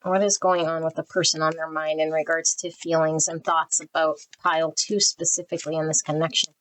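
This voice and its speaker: A woman with a slightly low voice reads tarot in a loose, chatty way. She often repeats herself and restarts her phrases as she goes. When she calls on spirit, her tone softens and turns prayerful. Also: little pitch movement, a little fast. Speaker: tarot reader. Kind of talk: casual spoken tarot reading.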